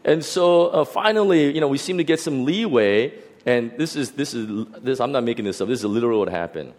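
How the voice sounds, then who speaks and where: A middle-aged man preaching, telling a personal story from the pulpit. He talks in an animated, halting way, restarting his sentences and filling gaps with fillers. His pitch sits in the middle for a man. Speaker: pastor. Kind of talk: sermon testimony.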